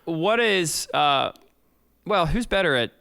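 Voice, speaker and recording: A man's voice: fairly high pitch, very animated, slow pace, vocal fry, bright, forceful tone, smooth, dry recording, studio quality. A man hosting a podcast interview, earnest and encouraging as he asks his guest questions. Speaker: podcast host. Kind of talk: casual interview.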